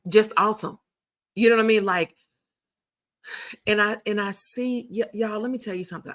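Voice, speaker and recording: A woman's voice: lowish voice, fairly bright tone. A woman hosting a casual live stream, chatting with viewers and telling a story, often repeating and restarting her phrases. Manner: chatty, addresses viewers as y'all. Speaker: community founder and host.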